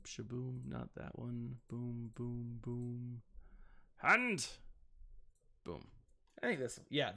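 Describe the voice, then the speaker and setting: A gaming channel host in his thirties rambles casually through gameplay commentary, throwing in self-mocking asides and playful sound effects. His voice is medium in pitch and a bit bright.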